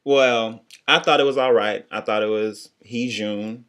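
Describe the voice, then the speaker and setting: A man's voice: fairly low pitch, fairly even intonation, a bit bright, slight background noise. Sassy young man giving blunt critiques. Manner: sassy, blunt, quick asides. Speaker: co-host reviewing singing contest. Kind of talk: casual critique chat.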